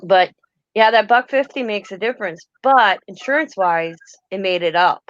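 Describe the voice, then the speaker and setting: A woman's voice: mid-range voice, expressive, normal speed, dry recording. Rambling middle-aged woman, muffled dry sound. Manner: rambling, self-correcting storyteller. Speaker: host of a crafting chat. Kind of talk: casual chat.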